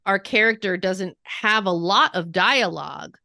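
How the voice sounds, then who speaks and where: A woman's voice: medium pitch, a little slow, creaky, bright, forceful tone, dry recording, clean studio sound. A woman guest on a podcast, chatting casually about films with frank, emphatic opinions. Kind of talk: casual movie chat.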